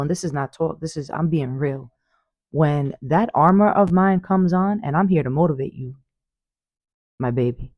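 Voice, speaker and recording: A woman tells spiritual stories straight to her viewers in an animated, emphatic way, repeating key phrases and calling them "baby". Her voice is warm and mellow. The phone recording is dry and slightly dull. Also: low-pitched, normal speed, dry recording. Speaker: spiritual vlogger. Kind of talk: casual storytelling monologue.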